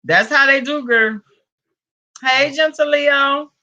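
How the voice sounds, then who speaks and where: Southern woman streamer, high bright voice, chatty with her viewers, slow easy delivery. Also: highs cut off. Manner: greets viewers with pet names, Southern US slang. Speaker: livestream host. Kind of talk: casual live-stream chat.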